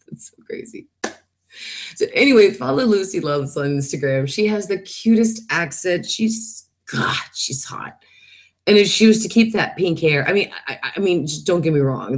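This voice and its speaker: A woman in her thirties talks casually on her live stream, her voice sitting a little low. She reads out viewer comments and keeps the talk loose, apologizing quickly and laughing easily. Her manner stays chatty and informal.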